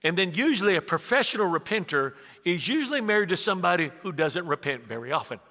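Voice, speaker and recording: A man in his sixties preaching with a high, bright, ringing voice. He tells stories like he is chatting, drops to near-whispers, then jumps up loud. The long reverb of a big hall trails after every line. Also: quick pace. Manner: animated, conversational preaching that swings from hushed to loud. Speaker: pastor. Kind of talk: sermon with storytelling.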